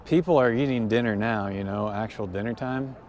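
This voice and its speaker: A man with a slightly low voice talks in a relaxed, joking way while riding a cargo bike along a windy city path. He speaks into a camera mounted on the bike, and a faint hiss sits behind him. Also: fairly quick. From United States. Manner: joking, easygoing, chatty. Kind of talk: casual livestream chat.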